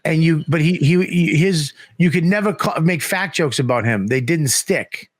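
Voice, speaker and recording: A man's voice: fairly high pitch, normal speed, no echo, clean studio sound. A man telling a casual, profane story, acting out the people he quotes. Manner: profane, animated, acts out quotes. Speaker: guest comedian.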